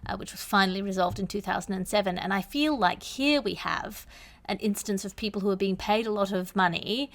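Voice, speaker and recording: A woman's voice: mid-range voice, fairly quick. A woman hosts a comedy news panel and introduces each story with dry, punning setups. Her voice sits in an ordinary mid range. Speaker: podcast host.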